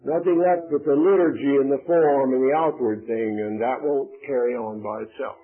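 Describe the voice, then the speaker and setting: A man preaching a sermon in an earnest, emphatic way, pausing heavily to stress his points. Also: medium pitch, husky. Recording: tinny phone-like radio broadcast.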